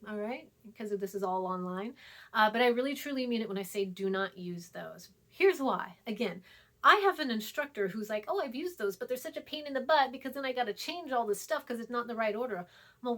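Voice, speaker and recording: A young woman instructor with a slightly high voice lectures in a casual, emphatic way. She repeats her key points and slips into quiet, hushed asides. It sounds like a recorded online class. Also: animated, fairly quick. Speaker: college writing instructor.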